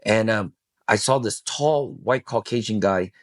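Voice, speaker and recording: A middle-aged man, a podcast guest, telling a personal story in casual talk, swearing freely and acting out what people said in a raised, animated voice. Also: lowish voice, a little slow, dry recording, clean studio sound. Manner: animated, swears, acts out quoted lines in a raised voice.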